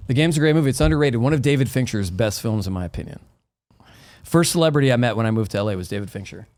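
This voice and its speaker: A man telling a story as an interview guest in casual talk, animated and profane. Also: mid-range voice, racing.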